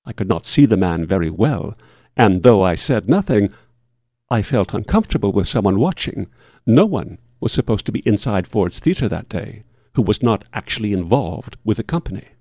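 A man reading a first-person horror tale as scripted narration, with a measured, solemn and formal delivery. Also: fairly low pitch, lively intonation, mellow, no room sound, studio quality.

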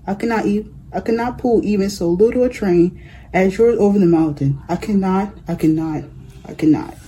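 A reader voicing a tired, sighing rusty old engine in a storybook read-aloud, with a husky voice. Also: mid-range voice, normal speed, dark tone, lightly acted. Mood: weary. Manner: sighing, weary.

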